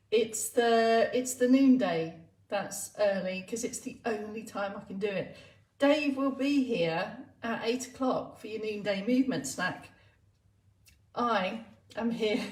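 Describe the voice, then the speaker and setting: A woman's voice: mid-range voice, a little mellow. A woman exercise instructor chatting playfully on a live stream, laughing often. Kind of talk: live-streamed casual chat. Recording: roomy, distant sound.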